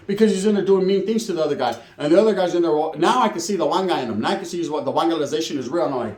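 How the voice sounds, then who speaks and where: A man's voice: on the high side, lively intonation, very fast, few pauses, a little mellow, roomy sound. A man telling a prison story in casual slangy street talk with Spanish words, acting out the other people's lines.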